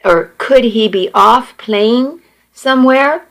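A woman's voice: on the high side, takes it slowly, vocal fry, fairly bright tone, full character voice. Woman reading as an anxious husband. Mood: worried. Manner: anxious but trying to comfort. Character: worried husband and father, adult man.

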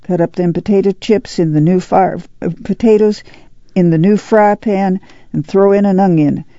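A man's voice: high-pitched, normal speed, mellow, dry recording. Male reader doing commanding country mother, slightly raised, lo-fi audiobook. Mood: firm. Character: firm, practical farm mother.

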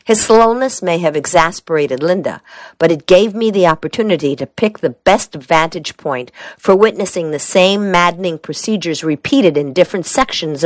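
A woman reading a story aloud in a steady, wry narrating manner. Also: lowish voice, dry recording. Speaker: audiobook narrator. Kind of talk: scripted narration.

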